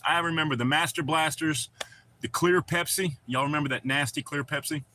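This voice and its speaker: A man's voice: a little high, fairly even intonation, a little fast, sharp tone, slight background noise. A man, chatting loosely and profanely with viewers on a live stream. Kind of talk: casual live-stream chat.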